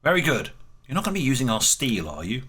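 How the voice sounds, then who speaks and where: A man's voice: mid-range voice, wildly swooping pitch, quick pace, bright, forceful tone, breathy edge, full character voice. A man voicing a weary, long-suffering male colony leader in a game story, with a dry, resigned manner. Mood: wary.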